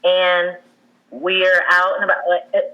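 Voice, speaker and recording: A woman in her thirties, a guest telling her own story in a candid, halting way, with many fillers and restarts. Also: lowish voice, completely flat delivery, highs cut off. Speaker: guest sharing a personal loss story.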